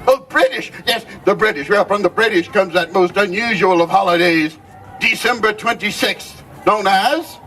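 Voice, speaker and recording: A man's voice: sits high, moderate pace, bright, forceful tone, far from the mic. A man playing a jolly old Christmas gift-bringer, telling holiday stories to a live crowd with theatrical exclamations and frequent chuckles. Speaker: costumed storyteller. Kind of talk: live character storytelling to a crowd.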